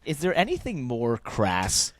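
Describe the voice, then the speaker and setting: A man co-hosting a motorsport podcast in casual chat, rambling and thinking aloud, growing animated when he rants. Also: medium pitch, measured pace, no echo. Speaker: podcast co-host.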